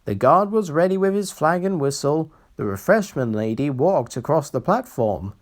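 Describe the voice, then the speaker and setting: A reader giving a slow, expressive read-aloud of a children's railway storybook. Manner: slow, expressive reading with lively pitch.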